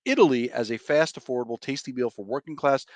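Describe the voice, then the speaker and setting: A man's voice: medium pitch, fast, dry recording. A man co-hosting a livestream trivia game, casual and jokey, breaking into mock-outraged rants. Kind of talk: casual chat.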